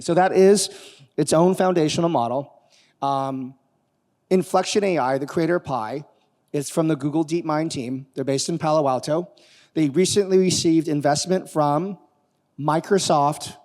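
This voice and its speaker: Male keynote speaker, lively audience questions, voice rather high, long hall reverb. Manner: animated, quizzing the audience. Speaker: conference speaker. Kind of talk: live keynote talk with demo. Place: conference hall on stage.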